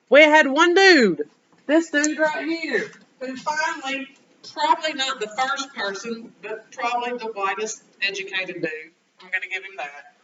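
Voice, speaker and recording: In a dull lo-fi recording from a classroom, a history teacher gives a lively lecture and keeps throwing rhetorical questions at her students. Her voice sits high.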